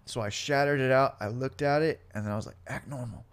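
In a casual interview, a man in his late twenties or older tells his life story, swearing a lot and animatedly acting out the cops and himself. His mid-range voice is fast, clear and resonant.

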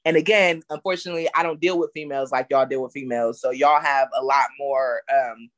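A woman's voice: a bass voice, fairly even intonation, a little fast, no room sound. A woman co-hosting a casual chat, speaking candidly in slangy, rambling talk.

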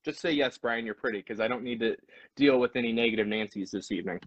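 A man's voice: mid-range voice, quick pace, no room sound. Goofy, rambling man on a lo-fi mic. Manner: goofy, rambling, playful storyteller. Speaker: podcast co-host. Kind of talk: casual live-stream chat.

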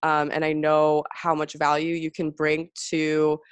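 A woman with a low-pitched voice hosts a casual podcast. She gushes with enthusiasm and fills her talk with "like" and "you guys." The sound is dry and close, with no room around it. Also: monotone, measured pace, clean tone, no echo. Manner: gushing, effusive, says "like" and "you guys" often. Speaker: podcast host.

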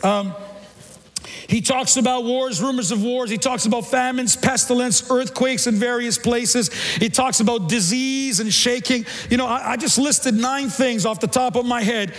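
Man, pastor, sermon, very high voice, church reverb, animated, repeats himself. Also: moderate pace. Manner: animated, repeats words, acts out quotes. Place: church sanctuary.

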